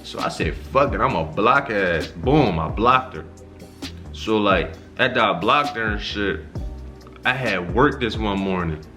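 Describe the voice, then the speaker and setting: A young man vlogging a casual storytime, animated and full of slang and swearing, his pitch leaping up whenever he acts out his own reactions. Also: a little slow, faint music behind. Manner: animated, profane slang-heavy storytelling with sharp jumps in pitch on quoted reactions.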